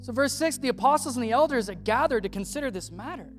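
A preacher delivers a sermon in a loose, slangy manner, slipping into the voices of biblical figures as he tells the story. The voice sits at a middling pitch, and a quiet bed of music plays underneath. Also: animated, fast talker. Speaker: pastor.

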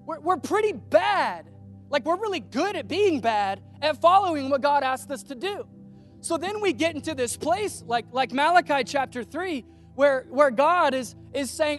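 High-voiced man preaching casually. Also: normal speed, soft background music. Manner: animated storytelling, acting out quoted voices. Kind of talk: casual conversational sermon.

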